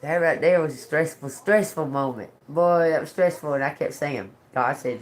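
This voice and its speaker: Low-voiced woman rambling and laughing. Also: lively intonation, normal speed, few pauses. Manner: rambling, laughing, cursing storyteller. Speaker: tarot reader. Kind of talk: casual live-stream chat. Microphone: phone.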